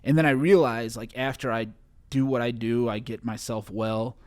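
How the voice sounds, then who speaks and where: Speaking with a mid-range, steady, slightly dark voice on a dry recording, a young man from Chicago stumbles through a personal anecdote as an interview-show guest, restarting often and leaning on fillers.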